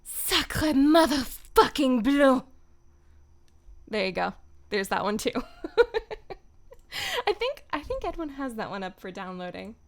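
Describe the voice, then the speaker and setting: A woman's voice: mid-range voice, big pitch swings, moderate pace, gravelly, pauses often. A young woman streaming as a voice actor, chatting casually in a giggly, self-deprecating way into her microphone. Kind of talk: casual livestream chat.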